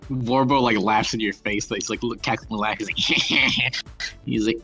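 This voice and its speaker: A man running a tabletop role-playing game as game master, laughing often and quickly voicing the side characters. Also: fairly low pitch, fairly even intonation, bright, forceful tone, breathy edge, faint music behind.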